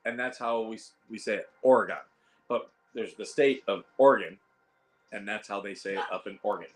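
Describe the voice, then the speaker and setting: Hoarse Midwestern man, low voice. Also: steady tone, fast, low-quality recording. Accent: Midwestern American. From Ohio. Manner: rambling, chuckling, restarts phrases. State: hoarse, losing voice. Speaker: livestream host. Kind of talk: casual livestream chat. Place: home.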